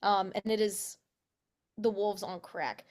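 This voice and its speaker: A young woman talks freely as an interview guest, her voice sitting at an ordinary middle pitch for a woman. She laughs often, drops filler words and lets a swear slip now and then. The delivery is relaxed, unscripted chat. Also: takes it slowly. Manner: chatty, laughs often, swears, says "like" a lot. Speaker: actress guest.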